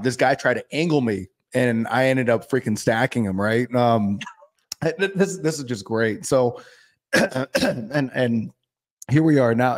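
A man in mid-range pitch hosts a casual podcast and tells stories with loose, laughing energy. He swears freely and repeats himself as the anecdote tumbles out. The talk is relaxed and conversational. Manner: profane, animated storytelling with frequent laughs. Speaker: podcast host. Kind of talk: casual chat.

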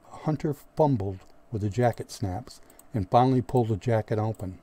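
A male audiobook narrator reading a story in a steady, measured way. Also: fairly low pitch. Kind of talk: scripted narration.

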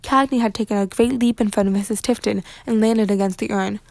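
A woman reading a children's novel aloud with lively, expressive narration. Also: mid-range voice, brisk, vocal fry, no room sound. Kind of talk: read-aloud storybook narration.

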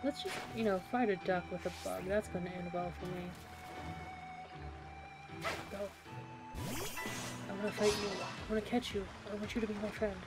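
A woman streaming a game, chatty, excitable and self-mocking as she comments casually. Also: medium pitch, normal speed, pauses often. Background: game music.

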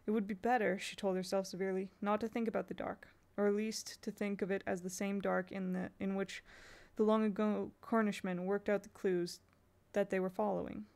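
A woman's voice: medium pitch, flat delivery, brisk, creaky, few pauses, darkish tone. A woman reading a novel aloud in a casual way, now and then stopping to correct herself. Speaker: audiobook reader.

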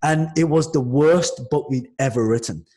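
A man from Manchester, a podcast guest, telling a lively story in casual conversation, with frequent restarts and acted-out quotes. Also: mid-range voice, moderate pace. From Manchester, England.

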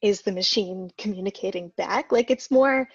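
A woman guest on an interview podcast, explaining technical ideas in a clear, methodical way with the odd restart. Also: medium pitch, normal speed, dry recording. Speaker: guest, marketing manager. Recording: dull dry lo-fi sound.

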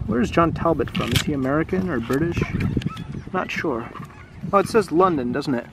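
A man reads a children's book aloud in a casual, chatty way, stopping to muse and ask questions. His voice sits a little high. He is recorded outdoors at a seaside park with loud background noise. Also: expressive, moderate pace, creaky. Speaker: English teacher reading a picture book aloud. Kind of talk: casual storybook read-aloud.

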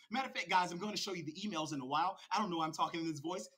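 A man with a high, bright, hoarse voice rants on his own livestream. He is high-strung and mocking, firing jabs straight at a rival. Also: racing, hardly any pauses. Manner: mocking, confrontational. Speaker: crypto livestream host. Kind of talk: livestream rant.

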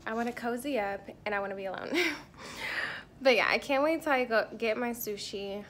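A woman's voice: fairly high pitch, fairly quick, a bit bright, a little hiss or hum. Chatty woman vlogging on a trip. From not from Hawaii. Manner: chatty and candid, tasting food between remarks. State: irritated and tired. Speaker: travel vlogger. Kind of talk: casual vlog talk to camera. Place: indoors, hotel room and on the go.

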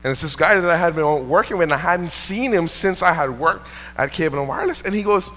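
Fairly high-voiced man preaching in a hall. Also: expressive, fast talker, fairly bright tone. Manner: conversational, storytelling, earnest. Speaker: pastor. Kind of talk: sermon with personal anecdote. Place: church sanctuary. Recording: long reverb in a church hall.

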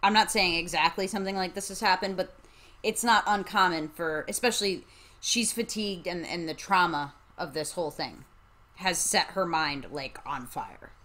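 A woman's voice: fairly low pitch, normal speed, fairly bright tone. A woman co-hosting a casual book-discussion podcast, talking in a conversational way. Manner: conversational, with restarts and fillers like "like". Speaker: podcast co-host.

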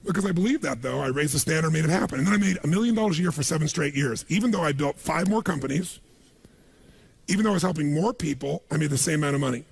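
Energetic male seminar speaker, gravelly and husky, working a live audience in a big hall. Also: on the high side, fast talker. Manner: energetic, calls for audience responses. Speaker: motivational speaker.

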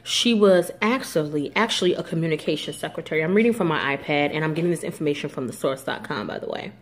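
Fast-talking young woman from New Jersey. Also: low voice, lively intonation. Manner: fast, chatty, with many fillers and restarts. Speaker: vlogger. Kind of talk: casual talk to camera.

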